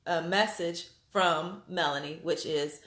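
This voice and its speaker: Excitable woman vlogger, roomy echo. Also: fairly low pitch, a little slow. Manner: animated, excitable, many fillers and restarts. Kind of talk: casual storytelling to viewers.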